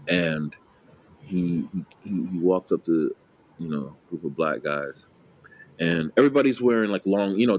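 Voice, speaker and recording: Deep-voiced man, rambling casual chat. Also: poor audio. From New Jersey. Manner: rambling, many fillers and restarts, laughs a lot. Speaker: podcast co-host.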